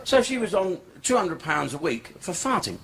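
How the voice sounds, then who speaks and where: A man's voice: sits high, very animated, moderate pace, gravelly, fairly bright tone, a little hiss or hum. An older man performing a crude, rambling, profane stand-up routine on a comedy club stage. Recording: live club with crowd laughter.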